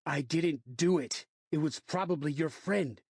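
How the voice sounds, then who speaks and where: A man's voice: a little high, a little slow, breathy edge, dry recording, studio quality, voice pushed up. A man voicing a defensive young male dorm roommate who keeps protesting his innocence. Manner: protesting, shouting back.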